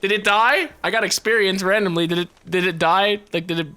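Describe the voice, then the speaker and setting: A young man with a fairly high, clean voice talks quickly and profanely to himself while playing a game. He's a gaming video creator doing casual, animated let's-play commentary.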